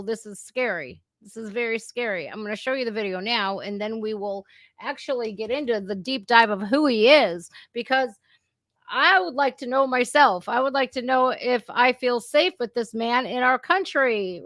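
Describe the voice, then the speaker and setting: Brief: woman reaction host, slightly high voice, indignant and conversational, dry close sound. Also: a bit bright, no echo. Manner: indignant, conversational, addresses viewers directly. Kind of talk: impromptu live stream commentary.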